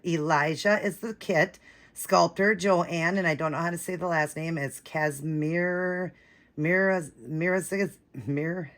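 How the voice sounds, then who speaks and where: A woman vlogging an unboxing, gushing and breathless, shaky with excitement, repeating herself as she talks to viewers. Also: fairly low pitch. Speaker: vlogger unboxing a reborn doll.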